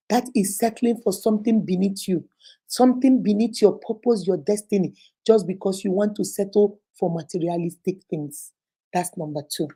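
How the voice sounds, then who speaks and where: Nigerian lady preaching life advice, low mellow voice, kinda husky, keeps repeating herself for emphasis. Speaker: motivational speaker and host. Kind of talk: motivational advice talk.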